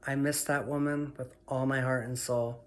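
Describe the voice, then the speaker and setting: A woman sharing her personal story in a vlog, emotional and heartfelt, speaking softly and affirming herself again and again. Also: a bass voice, level tone, moderate pace. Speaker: vlogger.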